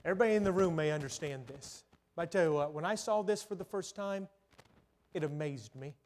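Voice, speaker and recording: A middle-aged man preaching a sermon, telling stories and swinging between loud bursts and hushed, drawn-out lines. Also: on the high side. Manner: storytelling, swings from loud to hushed, dramatic pauses.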